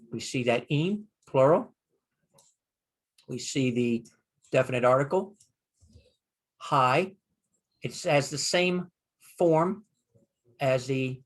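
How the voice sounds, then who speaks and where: During a screen-share lesson, an older man with a medium-pitched voice teaches Bible Hebrew. He slowly sounds out Hebrew words and explains them, pausing often.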